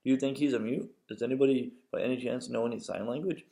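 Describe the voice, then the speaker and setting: A man's voice: mid-range voice, fairly even intonation, fast, dark tone, close to an everyday voice. A man voicing a proper, mildly indignant male Triceratops with a British accent in a storybook.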